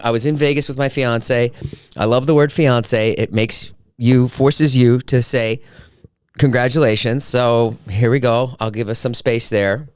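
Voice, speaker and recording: A man in his fifties talks through a solo podcast in a loose, self-mocking way, his pitch leaping about as he jokes. His voice comes across smooth and resonant, and the sound is dry and close with no room around it. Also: dry recording. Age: 50s. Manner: chatty and self-mocking, with playful voice swings. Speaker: podcast host. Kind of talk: casual solo podcast chat.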